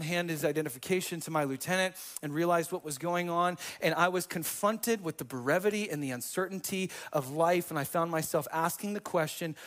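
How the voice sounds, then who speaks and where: A male pastor preaching a sermon, telling personal stories in an energetic, conversational way with jokey asides to the congregation. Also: a little high. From US Pacific Northwest.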